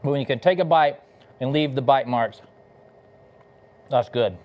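While hosting a live cooking demo, a middle-aged Texas pitmaster talks casually between bites, laid-back yet enthusiastic. He speaks unhurriedly at medium pitch, and the audio is dull.

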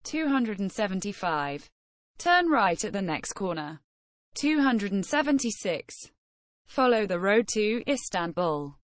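Female lesson reader: very slow, precise enunciation, dry close recording. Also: mid-range voice, big pitch swings, no echo. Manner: measured, carefully enunciated phrase-by-phrase reading. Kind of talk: reading numbered practice phrases.

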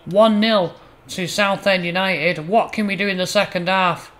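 A man hosting a gaming channel, commentating his own football game matches in a mock match-commentary style, flaring up loudly on near misses and goals. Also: sits high, a little slow. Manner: excitable, bursts loud on chances and goals. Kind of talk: playful mock match commentary over gameplay.

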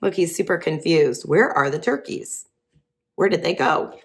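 A woman's voice: low-pitched, normal speed, a little hiss or hum. A woman teacher reading a picture book aloud to children, chatty and asking the listeners questions as she goes. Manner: chatty, asks listeners questions, laughs often.

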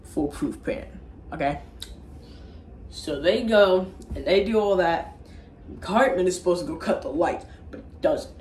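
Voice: medium pitch, measured pace, long pauses, darkish tone, far from the mic, slight background noise. Rambling, profane movie-recap voice in an echoey room. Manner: rambling, crude and profane, with restarts. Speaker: movie reviewer. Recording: roomy echo, faint background ambience.

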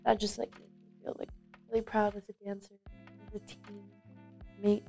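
A woman's voice: mid-range voice, monotone, moderate pace, gravelly, dark tone, faint music behind. A young woman guest in a casual student interview, telling stories in a rambling way with many fillers. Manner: rambling, filler-heavy storytelling. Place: school.

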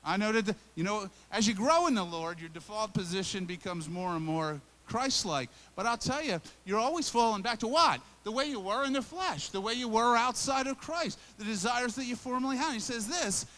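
A man's voice: high-pitched, animated, normal speed, hardly any pauses, sharp tone. A male pastor preaching a sermon in a conversational, emphatic way, often repeating and restarting phrases.

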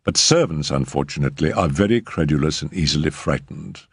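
A man voicing a cool, practical, brusque middle-aged woman, speaking dryly and slowly. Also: very deep voice, lively intonation, gravelly, slightly rough, no room sound, exaggerated voice. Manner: dry, slow, measured. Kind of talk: audiobook character reading.

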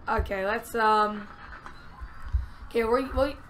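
A woman giving chatty let's-play commentary, narrating every move to herself and getting excitable. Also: sits high, brisk, pauses often, over loud music. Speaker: gamer.

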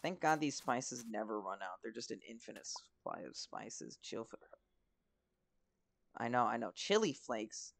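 Young male gamer, gravelly tone, close dry sound, chatty and foul-mouthed let's-play commentary. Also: mid-range voice, sing-song, measured pace, fairly bright tone, no echo. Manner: chatty, swears, talks to himself. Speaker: gaming commentator.

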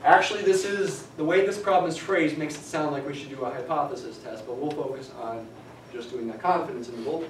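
Male lecturer, middle-aged, higher voice, chatty, echoey room, picked up from afar. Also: fairly quick, slight background noise. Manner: chatty, digressive, dry humor. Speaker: statistics lecturer. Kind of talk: classroom lecture. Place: lecture classroom. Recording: echoey classroom from a distance.

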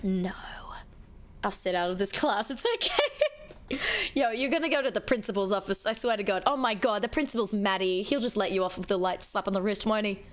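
A woman with a mid-range voice streams a game and chats playfully with her viewers, talking fairly quickly. She's chatty and casual, speaking directly to chat.

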